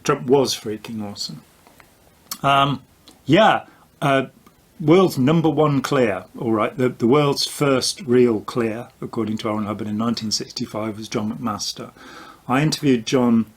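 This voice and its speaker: A man's voice: medium pitch, husky. An older man, an author and commentator, explaining ideas in a casual conversational debunking with dry, wry jokes.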